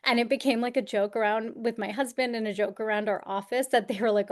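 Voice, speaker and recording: Chatty woman guest, higher voice. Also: fairly quick. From Poughkeepsie, New York. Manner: chatty, animated storyteller. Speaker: podcast guest, career coach and actor. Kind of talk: casual interview chat.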